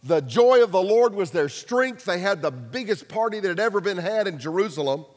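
A pastor preaching a sermon, telling stories casually with humor and acted-out quotes. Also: male voice, high-pitched, expressive, brisk, in a large hall.

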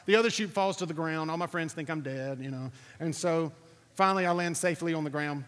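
A man preaching, telling a lively personal story to his audience, acting out what others said, then drawing a lesson from it. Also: a little high, brisk. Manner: animated storytelling, acting out quotes, asking the audience. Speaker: pastor. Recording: reverberant hall recording.

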